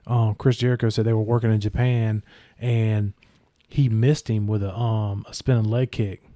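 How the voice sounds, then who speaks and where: A young man with a mellow, warm voice spins a long story on a podcast. He rambles and swears, leaning on lots of fillers. His voice sounds dry and close, with no room around it. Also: lowish voice, little pitch movement, normal speed, no echo. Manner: rambling and profane, full of fillers. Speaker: podcast host. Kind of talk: casual storytelling chat.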